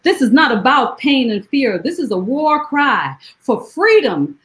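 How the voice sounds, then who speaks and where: A woman from Jamaica, a poet guest who talks in lively rhetorical questions and recites her poems slowly and deliberately. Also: sits high, rough recording. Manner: rhetorical questions, animated storytelling; slow, deliberate poetry recitation. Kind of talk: conversational interview and poetry reading.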